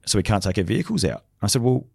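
A man's voice: fairly low pitch, huge pitch swings, rapid-fire, vocal fry, slightly rough, no echo, clean studio sound. A middle-aged man from Australia, a former special forces soldier turned leadership consultant, telling anecdotes in a podcast conversation and acting out the dialogue he quotes.

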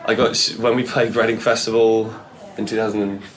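A man with a British accent speaks in a fairly low register and answers questions in long, winding stretches. He stops to think out loud, tacks on "you know" asides and corrects himself mid-sentence, then pushes on. A faint hum of background noise sits under his voice. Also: level tone, a little fast. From England. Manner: rambling, thinks aloud, many fillers and self-corrections. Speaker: musician guest. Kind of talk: candid interview answers.

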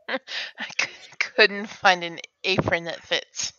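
A woman's voice: fairly low pitch, steady tone, slow, bright, forceful tone, muffled recording, a little hiss or hum. A woman who laughs often, joking playfully while commenting on a film with her sister. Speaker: podcast co-host. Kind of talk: casual movie commentary.

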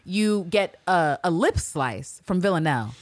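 Lively, lower-voiced woman recapping a show. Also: measured pace, dry recording. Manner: animated, acts out character quotes, swears freely. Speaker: podcast co-host. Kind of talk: casual recap chat.

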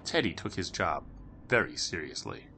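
A male storyteller with a lowish, bright voice who swings his delivery widely, slowing for dramatic beats. A faint hum of room ambience sits under the reading. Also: sing-song, slightly rough, soft background music. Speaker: narrator. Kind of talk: storytelling narration.

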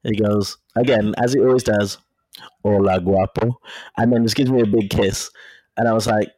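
A man's voice: on the low side, steady tone, fairly quick, mellow, no room sound. A man chatting casually, telling a story frankly and acting out the dialogue as he goes. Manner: frank and profane. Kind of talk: casual chat.

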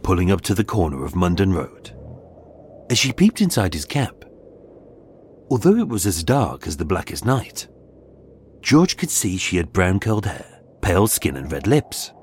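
A man narrating a scripted true-crime story in a measured, dramatic way, with suspenseful pauses. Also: low voice, sing-song, slight background noise. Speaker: podcast host and narrator. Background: faint background music.

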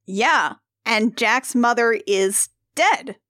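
A woman's voice: fairly high pitch, animated, extremely slow, pushed and bright, no echo, studio quality. A woman in casual chat, recapping a musical, laughing often and acting out the characters' lines.

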